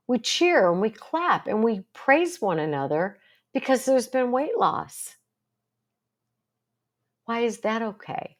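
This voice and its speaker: A woman's voice: fairly high pitch, expressive, slow pace. An older woman talking to camera as a psychologist, earnest and storytelling, with plenty of rhetorical questions. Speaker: psychologist and support group host. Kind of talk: casual talk to camera.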